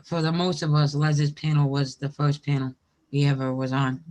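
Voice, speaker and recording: A woman's voice: low voice, steady tone, moderate pace, a little mellow, a little hiss or hum. A woman in casual group chat, talking freely, swearing and laughing often.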